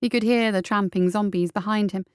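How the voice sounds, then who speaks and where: Female story reader, smooth and steady, dry close-miked narration. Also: mid-range voice, brisk, no echo. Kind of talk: audiobook narration of fiction.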